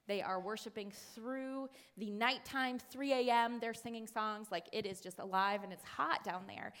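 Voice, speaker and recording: A woman speaking to a congregation in a sermon-style talk, telling a story with many fillers and quick restarts. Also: fairly high pitch, fairly bright tone. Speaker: church speaker.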